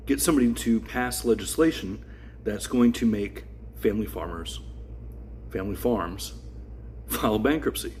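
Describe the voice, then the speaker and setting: A man explaining his theory in a measured way, with a resentful edge. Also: mid-range voice, darkish tone, slight background noise. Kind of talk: explanatory commentary.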